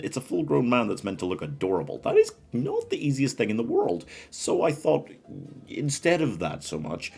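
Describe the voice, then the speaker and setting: A man's voice: lowish voice, gravelly, darkish tone, slightly rough. A man hosting a casual fan-casting video, chatty and laughing at his own choices. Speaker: host.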